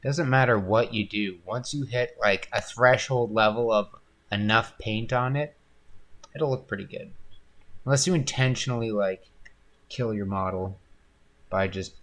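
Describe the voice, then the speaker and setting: A man's voice: lowish voice, unhurried. A man hosting a painting livestream, chatting casually and rambling, with frequent laughs. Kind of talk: casual chat while painting.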